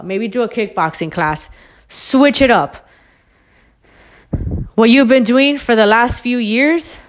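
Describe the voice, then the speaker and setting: A woman hosting her own podcast, ranting about wellness in a blunt, emphatic way, swearing freely and repeating her points, a little out of breath. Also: fairly high pitch. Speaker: podcast host. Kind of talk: solo motivational rant.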